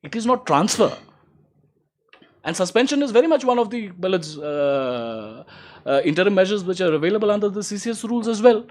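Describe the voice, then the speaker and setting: Emphatic advocate rebutting in court. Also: male voice, sing-song, fairly quick, a little mellow. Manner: formal and emphatic, repeats "my lords", rises in pitch to stress points. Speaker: advocate replying to opposing counsel. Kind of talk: courtroom legal argument.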